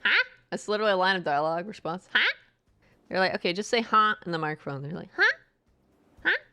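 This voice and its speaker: A woman doing casual game commentary with a bright, sharp tone. Her voice sits fairly low but leaps around in pitch. She keeps up a sarcastic, playful patter. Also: expressive, quick pace. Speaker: streamer.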